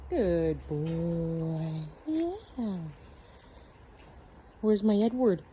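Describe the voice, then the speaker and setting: A woman's voice: on the low side, big pitch swings, drawn-out words, mellow, a little hiss or hum. A young woman vlogging outdoors at a horse stable, praising her horses in sweet baby talk with lots of giggles.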